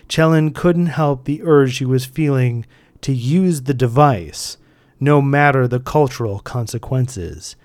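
A man reading his own fiction aloud as narrator, in a measured, deliberate storytelling manner. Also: medium pitch, darkish tone, no echo, clean studio sound. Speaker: author and narrator.

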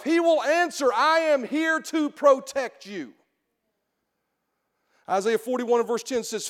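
A middle-aged man preaching a Sunday sermon with a strikingly high voice. He calls for responses from the congregation and swings between quiet asides and shouted emphasis. His voice rings out with a long reverb through the church hall. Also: slow pace, pauses often. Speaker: pastor. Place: church sanctuary.

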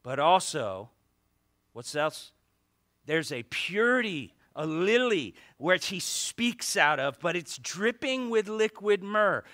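A male pastor preaching a lively sermon, joking with the congregation and reading scripture aloud. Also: sits high, takes it slowly. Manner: animated preaching with asides and jokes to the congregation.

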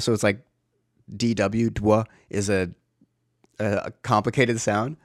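A man's voice: fairly low pitch, little pitch movement, unhurried, dry recording, clean studio sound. A man in his thirties, a father talking in a casual, reflective way, rambling with many fillers and restarts. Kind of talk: casual personal talk.

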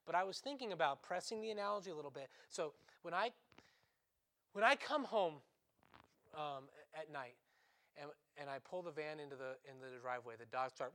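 A male priest with a high voice preaches a sermon in a conversational way, full of asides. He swings between loud, urgent emphasis and quiet, hushed intensity. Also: brisk.

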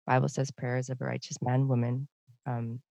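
A woman's voice: very deep voice, level tone, moderate pace, gravelly, warm tone, no echo, muffled recording. A woman hosting a casual podcast interview, chatty and laughing often. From Canada. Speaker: podcast host.

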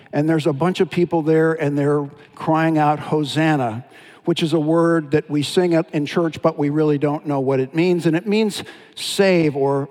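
Man preaching a sermon in a reverberant hall. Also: on the high side. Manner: storytelling, animated with dramatic retellings. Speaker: pastor.

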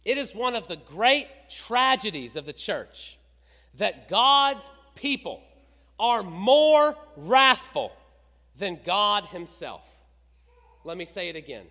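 Middle-aged male pastor, high and lively voice, sermon delivery in a big echoing church. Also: slow. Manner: preaching with rising emphasis, rhetorical questions. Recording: reverberant hall.

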